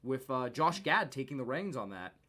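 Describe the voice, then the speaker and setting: A man co-hosting a casual podcast chat, excitable and rambling, with frequent swearing. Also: medium pitch, normal speed. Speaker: podcast co-host.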